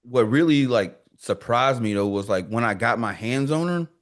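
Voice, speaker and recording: A man's voice: mid-range voice, normal speed. A man talking as a guest on a podcast in a laid-back, slangy way, telling stories animatedly. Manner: animated storyteller who acts out quoted dialogue. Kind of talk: casual podcast conversation.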